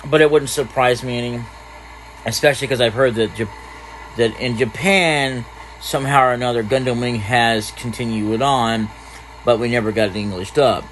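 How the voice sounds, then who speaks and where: A man's voice: medium pitch, normal speed, fairly bright tone, slight background noise, low-quality recording. Rambling man commentating a game. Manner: rambling, trails off. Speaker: gaming channel host. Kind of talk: casual let's-play commentary.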